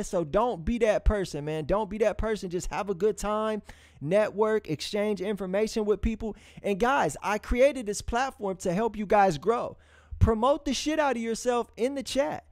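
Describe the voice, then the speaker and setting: A man hosting a live music review stream, talking loosely to his viewers with friendly slang, repeated words and long hummed pauses. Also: sits high, darkish tone, no room sound, studio quality. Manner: loose, repetitive, restarts and drawn-out hums; encouraging, street-casual address to viewers. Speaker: livestream music review host. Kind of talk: casual live-stream talk to chat.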